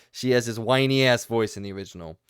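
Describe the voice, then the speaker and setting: Man, mid-pitched, dry close sound, podcast co-host, casual animated review chat. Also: normal speed, smooth, no room sound. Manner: animated, talks in long flowing runs. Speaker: video game podcast co-host.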